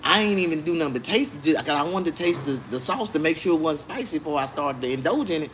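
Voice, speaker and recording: A man's voice: fairly high pitch, fast. Guy ranting and cussing, swoops all over, lots of noise behind him. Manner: animated, indignant, swearing. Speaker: vlogger. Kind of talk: casual profane rant.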